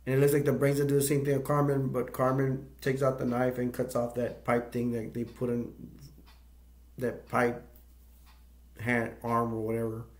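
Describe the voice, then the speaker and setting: Rambling man recapping a film plot. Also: mid-range voice. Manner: rambling, searching for words. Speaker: movie review channel host. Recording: echoey room.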